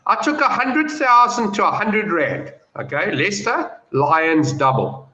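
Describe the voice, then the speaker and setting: Speaking at a moderate pace with hardly any pauses, this man has a voice that sits high. He's a betting pundit in a relaxed video-call panel, animated and confident as he offers picks and stories, heard through roomy, dull lo-fi audio.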